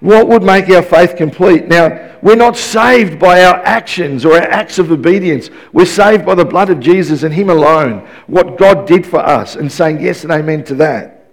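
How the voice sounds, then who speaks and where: A man's voice: fairly high pitch, normal speed. A man in his fifties preaching a sermon in an emphatic, repetitive way, often restarting his sentences.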